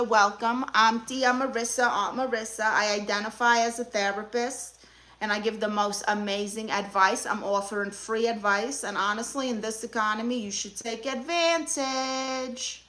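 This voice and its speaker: A young woman with a Brooklyn accent runs a live stream as a comic aunt therapist. She answers viewer comments with sass and teasing. Her voice is bright and slightly high, with a sharp edge. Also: fairly even intonation, moderate pace. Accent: Brooklyn New York.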